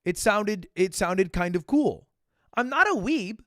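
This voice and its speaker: A young man tells a story to his stream in a casual, self-mocking way, swearing often. His voice sits a bit high and swings widely in pitch, jumping to loud bursts and dropping to low asides. The sound is close and dry. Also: expressive, unhurried, no echo.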